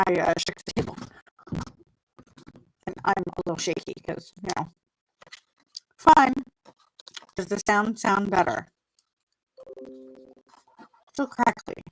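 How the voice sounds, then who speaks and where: Seated indoors at a table with her computer, a middle-aged mindset coach hosts a laid-back live stream through a plug-in desk mic. Her voice is lowish and the audio is poor. She chews gum while rambling and laughing at herself.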